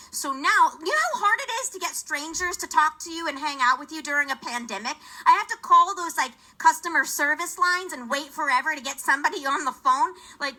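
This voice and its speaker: A woman doing a stand-up comedy set on a church stage, chatty and rambling, jumping between loud bits and muttered asides. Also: sits high, low-quality recording. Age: adult, not young.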